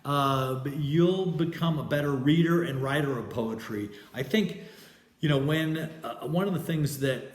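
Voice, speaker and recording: A male teacher talks through a lesson at a slow, unhurried pace, in a middle-pitched voice. He hesitates often, restarts phrases and keeps checking in with his listeners. The sound carries a noticeable room echo. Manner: hesitant, many fillers and restarts; explanatory, checks in with "right?". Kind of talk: recorded class lecture. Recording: echoey room.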